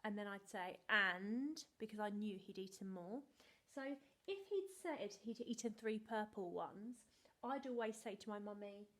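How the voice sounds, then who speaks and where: A woman, a primary school teacher giving a remote video lesson to young children in a bright, sing-song, animated way, speaking slowly and clearly. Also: medium pitch.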